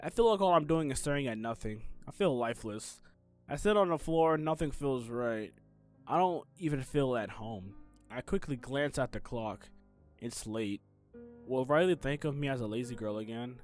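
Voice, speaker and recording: A man's voice: mid-range voice, lively intonation, normal speed, a little mellow, faint music behind, lightly acted. A man reading the inner thoughts of a sad, anxious teenage schoolgirl from a game, in the first person, in his own everyday voice. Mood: distraught. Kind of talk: game text read aloud.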